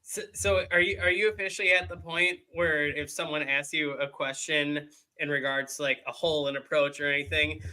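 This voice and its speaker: A man's voice: a little high, steady tone, brisk, pushed and bright. A man co-hosting a podcast, asking questions in a playful, joking way. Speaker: podcast co-host. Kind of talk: casual joking banter.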